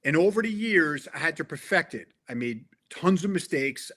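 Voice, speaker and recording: A man's voice: fairly high pitch, animated, moderate pace, fairly bright tone. A middle-aged man talking in a casual interview as a guest, earnest and emphatic, often restarting his sentences. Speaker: interview guest, tech sales veteran.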